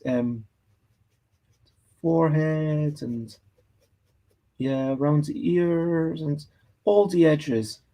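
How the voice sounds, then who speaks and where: A slightly high, gravelly yet mellow voice belongs to a Scottish man drawing live on stream. He talks in a relaxed way, thinking out loud as he goes through the chat's comments and replies to them.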